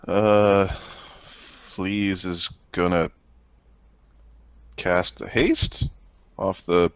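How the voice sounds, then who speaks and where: Gravelly, jokey male player. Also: sits low, little pitch movement, drawn-out words, no echo, dull audio. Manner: jokey, laughs often. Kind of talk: casual tabletop play.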